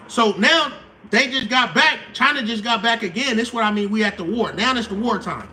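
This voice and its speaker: A man, hosting a casual live stream explainer, slangy and animated, acting out quotes. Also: extremely high pitch, brisk.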